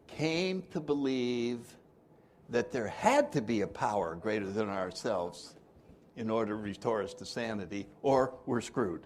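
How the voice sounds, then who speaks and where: A man's voice: fairly low pitch, expressive, moderate pace, a little mellow, a little hiss or hum. An older man giving an informal recovery workshop talk, joking and asking the audience questions.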